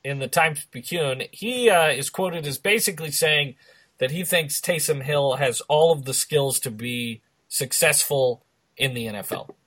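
Husky man hosting a sports show. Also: fairly high pitch, a bit bright. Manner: steers the show with halting restarts. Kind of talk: casual sports talk.

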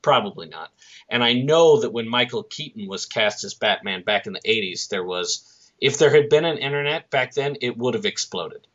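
A man's voice: mid-range voice, animated, moderate pace, a bit bright. Wry Boston man co-hosting a podcast. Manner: joking, wry. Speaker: podcast co-host. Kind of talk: casual sports podcast chat. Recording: dull lo-fi audio.

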